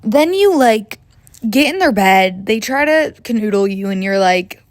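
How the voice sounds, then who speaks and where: A young woman in her twenties hosts a comedic podcast, delivering a casual monologue that's chatty, rambling, profane, and self-mocking. Her medium-pitched voice is expressive and a little slow, recorded with no room sound.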